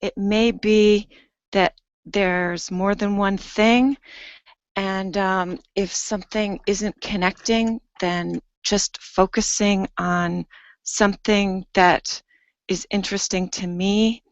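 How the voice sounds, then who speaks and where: Woman, panelist, slow deliberate pace, dry muffled call audio. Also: medium pitch, steady tone, no room sound. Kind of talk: panel discussion answer. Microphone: video call.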